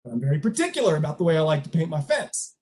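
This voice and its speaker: A speaker voicing a stern, particular old karate master who gives slow, exacting instructions. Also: mid-range voice, big pitch swings, darkish tone, pitched below the performer's own voice, close to an everyday voice.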